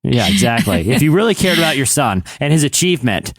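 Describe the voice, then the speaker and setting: A man's voice: medium pitch, sing-song, quick pace, no room sound, studio quality. A young man co-hosting a podcast, telling stories in casual, joking chat. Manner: jokey, mock-preacher bits. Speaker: podcast co-host.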